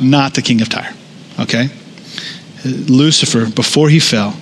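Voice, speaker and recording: A man preaching a sermon as a pastor, reading scripture aloud and breaking into casual, animated asides. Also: medium pitch, moderate pace, breathy edge.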